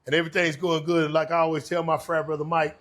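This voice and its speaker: A man's voice: a little high, flat delivery, quick pace, fairly bright tone. A middle-aged man from Texas with a Texan accent, telling stories as an interview guest in a laid-back way, often saying "man.". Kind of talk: casual interview storytelling.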